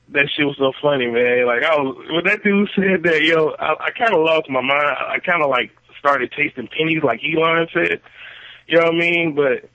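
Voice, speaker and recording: A man leaving a voicemail for a podcast, slangy and excitable, laughing often. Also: fairly high pitch, moderate pace, no echo. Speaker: caller. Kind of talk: voicemail message. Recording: dry, muffled voicemail recording.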